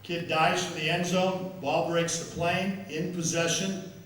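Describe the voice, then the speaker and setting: In a large members' dining room, an older man who is a football official speaks as after-dinner guest, amused by his own stories and repeating words often. His voice is a little high and fairly bright, his delivery flat and a little slow. The echoey hall puts him at a distance, with slight background noise.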